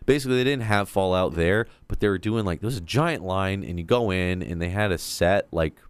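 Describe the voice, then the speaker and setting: A man's voice: sits low, brisk, smooth, dry recording. A man in casual chat, telling long rambling stories and swearing freely.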